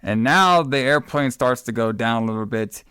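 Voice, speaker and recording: A male podcast co-host recaps a movie in rambling, casual chat, cursing, laughing often, and calling people "bro." His mid-range voice is pushed and bright, at a normal speed, recorded in clean studio quality with no room sound.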